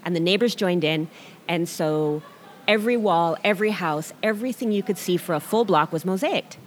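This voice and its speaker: Middle-aged woman telling stories on a podcast, lively, acts out what people said, a bit low voice. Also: moderate pace. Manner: animated storyteller who acts out quotes. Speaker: featured artist guest. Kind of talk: casual storytelling interview.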